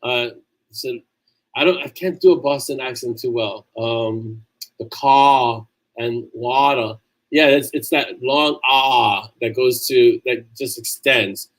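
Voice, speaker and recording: A man's voice: mid-range voice, measured pace, a bit bright, poor audio. Chatty New York man hosting a stream. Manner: chatty and loose, frequent restarts. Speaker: author hosting a livestream. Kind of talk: casual livestream chat reading viewer comments.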